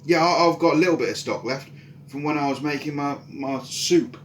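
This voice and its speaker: A man's voice: on the high side, a little fast, slight background noise, natural voice. A man voicing a thoughtful villager who speaks in a musing, hesitant way. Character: thoughtful male villager with soup stock. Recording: roomy echo.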